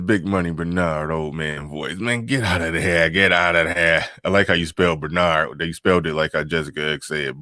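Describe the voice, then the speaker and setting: A man with a very deep voice loosely riffs through a live stream, reading viewer comments aloud, chuckling between points, and repeating his phrases. His tone is bright and forceful, and the close, dry recording has no room sound.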